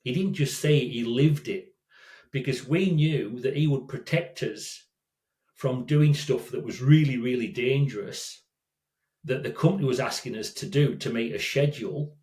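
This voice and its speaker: A man's voice: medium pitch, normal speed, a little mellow. An older man, a guest telling stories in a casual, rambling way with frequent restarts. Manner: rambling, many restarts and self-corrections. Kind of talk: casual storytelling. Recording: roomy echo.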